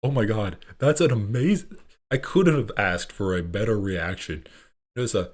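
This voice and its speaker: A man's voice: lowish voice, animated, moderate pace. A man live-streaming his reactions to online clips, sarcastic and profane, often laughing as he talks. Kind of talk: casual live-stream commentary.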